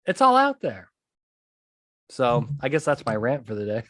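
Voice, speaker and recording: A man delivering a fired-up podcast rant, his pitch leaping high whenever he gets worked up and dropping low for asides. He laughs often and talks straight at his listeners. The sound is dry and close. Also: wildly swooping pitch, normal speed, fairly bright tone, dry recording. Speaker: podcast host, litigation psychologist.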